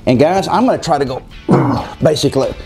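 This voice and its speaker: A man's voice: medium pitch, lively intonation, fairly quick, vocal fry, music in the background. A man coaching a home workout, explaining the exercises directly to viewers and calling them guys. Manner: coaching, addresses viewers as guys, counts reps aloud. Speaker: fitness coach. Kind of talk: workout instruction.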